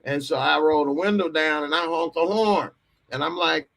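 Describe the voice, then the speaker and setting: A man's voice: on the high side, moderate pace, creaky, a bit bright. A man hosting a live call-in podcast, telling a comic story with frequent laughter and acted-out voices. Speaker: podcast host.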